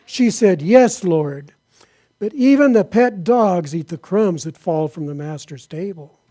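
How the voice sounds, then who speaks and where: Man, pastor, sermon, high voice, mellow tone, reads scripture aloud. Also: animated, measured pace. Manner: reads Bible passages aloud, then asks the congregation questions.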